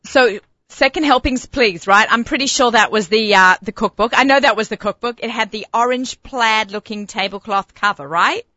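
An Australian woman hosts a casual radio interview from the studio, chatty and quick to laugh. Her voice is bright and crisp, close and dry with no room around it. The sound is a little dull at the top. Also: fairly high pitch, dry recording. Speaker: radio show host.

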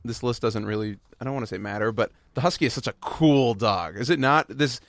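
A man's voice: medium pitch, brisk, creaky, no room sound, clean studio sound. A man hosting a casual podcast chat, rambling and self-deprecating, often restarting his sentences. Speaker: podcast host.

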